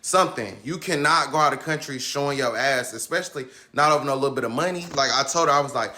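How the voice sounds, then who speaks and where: Bright-voiced man telling a slangy story. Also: medium pitch, fast talker, hardly any pauses. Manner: slangy, chatty, addresses viewers as y'all. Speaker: storyteller in a clip. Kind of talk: casual story time.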